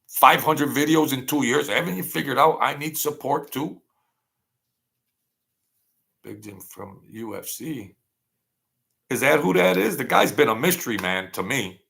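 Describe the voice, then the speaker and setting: A man's voice: medium pitch, a little slow, gravelly, sharp tone. A man hosting a casual livestream, rambling and thanking viewers by name as he reads their comments. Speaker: channel host.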